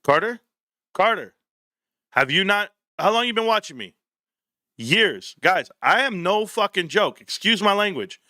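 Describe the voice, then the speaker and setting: A middle-aged man hosts a casual livestream chat, telling stories in a blunt, animated way full of slang. His voice is high-pitched and his pace measured, captured in clean studio sound without echo.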